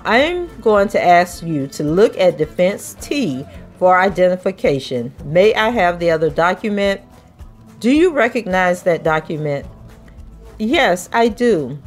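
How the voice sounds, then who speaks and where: A woman podcast host reading a trial transcript aloud, voicing the questioning in a measured, even way. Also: lowish voice, soft background music.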